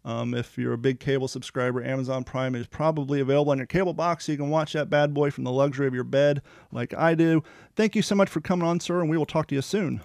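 A male podcast host talking in a chatty, rambling way and pitching offers with sales energy. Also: fairly even intonation, fast, creaky, darkish tone, no room sound, clean studio sound. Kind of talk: casual podcast chat and ad reads.

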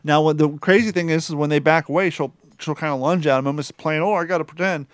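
A man's voice: fairly high pitch, fairly even intonation, fast, smooth, no room sound, studio quality. A man in a casual chat who rambles through his stories and swears freely.

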